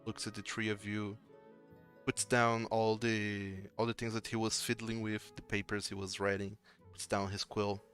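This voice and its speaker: A man narrating as game master of a tabletop game in an unhurried way, with fillers. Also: lowish voice, little pitch movement, fairly bright tone, soft background music.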